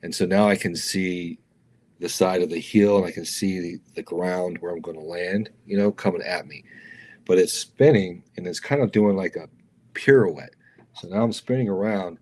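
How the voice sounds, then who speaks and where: Deep-voiced stuntman telling wild stories. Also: normal speed. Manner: animated storyteller, acts out others in raised voices, slangy "dude". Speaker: stuntman guest. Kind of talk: casual storytelling interview.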